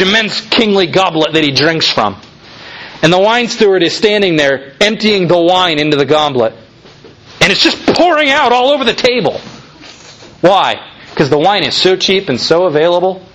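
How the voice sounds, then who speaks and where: A male preacher delivers a sermon in a high, animated voice that swoops up and down. He leans hard on rhetorical questions and builds to fervent, emphatic peaks. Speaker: pastor.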